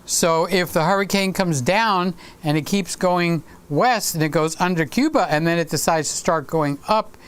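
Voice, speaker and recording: A man's voice: fairly high pitch, normal speed, few pauses, a bit bright, smooth. A man in his late sixties hosting a casual live stream, rambling and stopping to greet viewers by name. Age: 60s.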